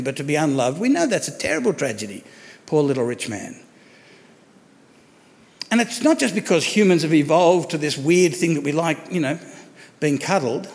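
A man's voice: sits high, long reverb tail. A man preaching a sermon as pastor, conversational and asking rhetorical questions of the congregation.

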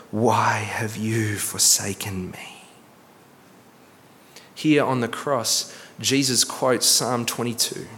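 A man preaching a sermon as pastor, earnest, slowing for emphasis and repeating words. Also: mid-range voice, a bit bright. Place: church hall. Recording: long church reverb.

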